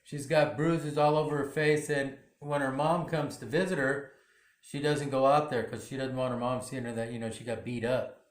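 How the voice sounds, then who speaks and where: A man's voice: medium pitch, steady tone, moderate pace. A man casually recapping a TV drama episode in a rambling way, full of "you know" fillers. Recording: roomy echo.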